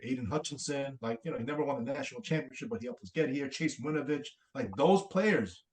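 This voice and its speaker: A man with a slightly higher voice talks on a casual sports podcast in a laid-back, nostalgic way. He stammers a little as he starts each thought. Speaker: podcast co-host.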